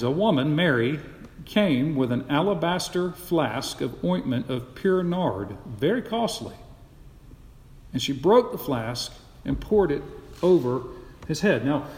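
A male pastor preaching an expository sermon with dramatic storytelling, swinging from loud to hushed. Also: medium pitch. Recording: echoey church hall.

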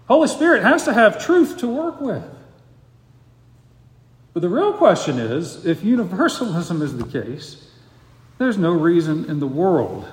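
A fairly high-voiced man preaching a verse-by-verse sermon as pastor. He is earnest and emphatic, driving his points home with pointed rhetorical questions. His voice rings through a roomy church sanctuary with a long, lingering reverb. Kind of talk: expository sermon. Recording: echoey hall with long reverb.

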